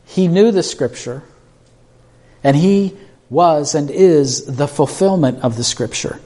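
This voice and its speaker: Man, preacher, sermon, slightly high voice, conversational, rhetorical questions, restarts sentences. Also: lively intonation, takes it slowly, dark tone. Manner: repeats words and restarts when speaking off the cuff.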